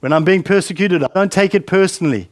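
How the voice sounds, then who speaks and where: Preacher, male, high-pitched, chatty sermon delivery full of questions, dry recording. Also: fast, no room sound. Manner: conversational, repeats words, asks questions.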